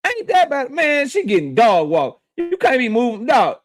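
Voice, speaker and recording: High-voiced man in a profane live-stream chat. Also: huge pitch swings, moderate pace, hardly any pauses, faint music behind. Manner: loose, profane, trash-talking, reads chat aloud. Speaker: boxing channel host.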